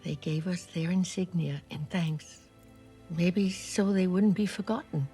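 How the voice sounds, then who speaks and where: A gentle elderly former war nurse looking back on her youth. She speaks softly and reflectively in a somewhat low voice, slipping into a whisper now and then. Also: a little slow, soft background music. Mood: moved. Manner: soft, reflective, drops to a whisper at times. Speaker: former wartime nurse recalling her past. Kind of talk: first-person docudrama narration.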